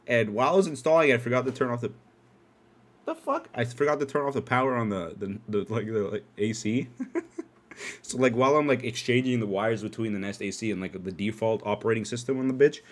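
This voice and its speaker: A young man telling a story casually on a podcast, cursing freely and breaking into loud excited bursts. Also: medium pitch. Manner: animated, profane, swings into loud excited outbursts. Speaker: podcast host.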